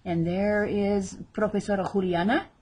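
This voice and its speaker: A woman teaching a vocabulary lesson, drawing out each word slowly as she models pronunciation. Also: medium pitch, steady tone, darkish tone, breathy edge. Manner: slow, drawn-out model pronunciations. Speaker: Spanish teacher.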